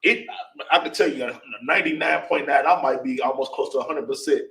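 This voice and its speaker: A man with a gravelly voice speaks up in a Bible class discussion, rambling with restarts. He sits far from the microphone. The room around him is echoey. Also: mid-range voice, a little fast, fairly bright tone. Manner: rambling, with many restarts and "you know what I'm saying". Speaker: class member reading scripture.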